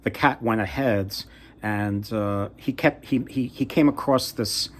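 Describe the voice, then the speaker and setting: A man casually retelling a fairy tale from memory, halting and often trailing off to restart. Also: on the low side. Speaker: storyteller.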